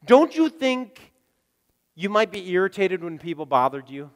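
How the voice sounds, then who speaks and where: Man, pastor, sermon, high voice, lively delivery, echoing hall. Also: unhurried. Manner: animated, acts out voices in quotes, drops to near whisper. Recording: long reverb of a hall.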